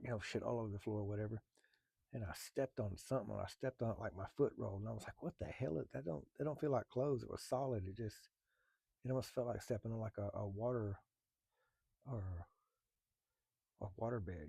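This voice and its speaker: Man, low gravelly voice, dry close sound, candid storytelling with halting pauses and blunt swearing. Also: warm tone, no room sound. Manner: blunt, profane, halting with many fillers. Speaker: firefighter telling a personal story.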